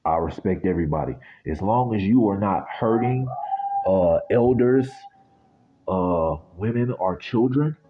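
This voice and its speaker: A man's voice: on the low side, animated, unhurried, narrow, tinny audio. A man from the United States giving a casual spiritual reading that turns into a blunt, sweary rant. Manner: blunt, ranting, swears freely.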